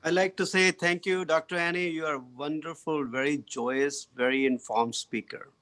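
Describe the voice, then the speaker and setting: A man's voice: on the high side, fairly even intonation, moderate pace, a bit bright. Man, panel host, gushing and full of praise. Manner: effusive, praising.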